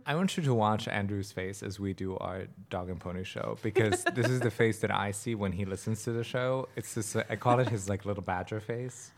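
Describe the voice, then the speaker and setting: A man's voice: on the low side, a little fast, creaky, hardly any pauses. A man co-hosting a podcast in casual chat, teasing and laughing often. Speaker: podcast co-host.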